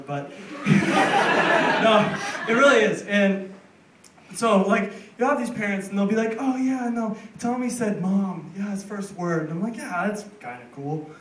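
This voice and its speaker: Brief: young American male comic, high-pitched, animated storyteller, roomy distant club recording with noise. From United States. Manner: rambling, animated storytelling with acted-out voices. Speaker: stand-up comedian. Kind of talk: stand-up comedy set. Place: comedy club stage. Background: audience laughter.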